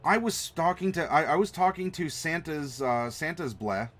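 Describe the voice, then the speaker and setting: A man hosting a live map-design stream, chatting to viewers in an animated, playful way. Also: a little high, moderate pace, faint music behind. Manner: animated, playful, talks to chat. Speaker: host.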